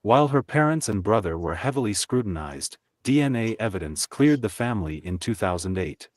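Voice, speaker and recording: A man reading a true crime story aloud in a steady, measured way over a video call. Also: on the low side. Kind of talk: read-out true crime narration.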